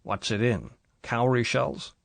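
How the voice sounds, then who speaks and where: A man's voice: mid-range voice, expressive, slow pace, gravelly, dry recording. Guy playing a drunk big shot, sneering, slurry, picks each word out. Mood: mocking. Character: drunk crude American male tycoon, bullying.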